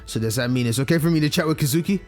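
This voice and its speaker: A man's voice: fairly high pitch, racing, darkish tone. A man reading a visual novel aloud and reacting casually, with frequent swearing. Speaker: let's play gamer.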